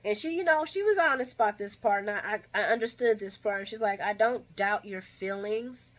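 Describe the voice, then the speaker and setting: A woman giving a casual soap opera recap, chatty and opinionated, her voice jumping between loud bursts and low asides. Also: quick pace.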